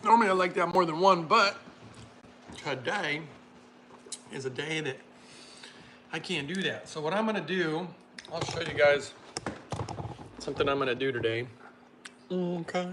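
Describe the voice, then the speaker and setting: A man hosting a casual livestream, reading chat comments aloud and laughing often while making a smoothie. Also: on the high side, unhurried, pauses often, a bit bright, a little hiss or hum.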